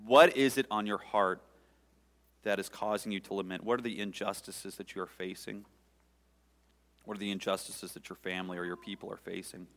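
Deep-voiced pastor in a reverberant hall. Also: male voice, fairly bright tone. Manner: earnest, pausing, conversational with the congregation. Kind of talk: sermon.

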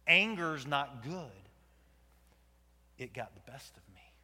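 A man playing Jonah, a conflicted and angry prophet, in a dramatic first-person sermon. His delivery swings between loud outbursts and hushed whispers. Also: on the high side, very animated, slow pace, heavily acted. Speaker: preacher in dramatic monologue. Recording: long hall reverb.

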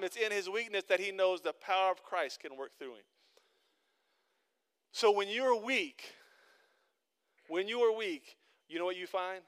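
A pastor with a high, somewhat bright, clear, and resonant voice preaches in church at a moderate pace, pausing often. His conversational storytelling about ordinary life builds into insistent, repeated urgings to the congregation.

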